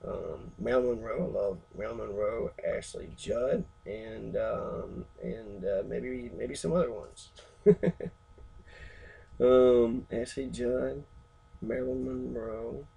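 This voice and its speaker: A man giving rambling, profane movie commentary, halting and full of fillers, as the host of a reaction video. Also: medium pitch, creaky, warm tone, husky, poor audio.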